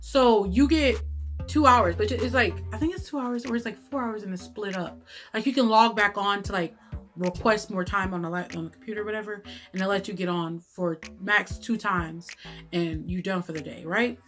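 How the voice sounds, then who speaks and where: A woman telling a story to camera in a casual vlog, animated and cursing freely, with lots of "like" and "right?". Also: medium pitch, moderate pace, faint music behind. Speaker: YouTube storyteller.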